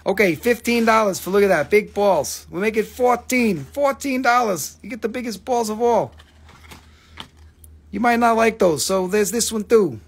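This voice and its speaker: Rambling, swearing live-sale host. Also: male voice, high-pitched, normal speed. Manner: rambling, joking, swears freely, talks to viewers by name. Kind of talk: casual live sales pitch.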